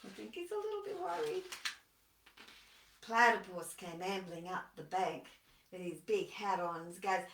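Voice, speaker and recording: Storyteller woman, slow and bright, expressive, echoey room. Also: medium pitch, gravelly, far from the mic. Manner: expressive, asks the listener questions. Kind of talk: children's story reading.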